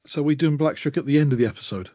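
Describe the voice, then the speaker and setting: A man's voice: on the high side, rapid-fire, mellow, no room sound. Teasing enthusiastic male podcast co-host. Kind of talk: casual chat.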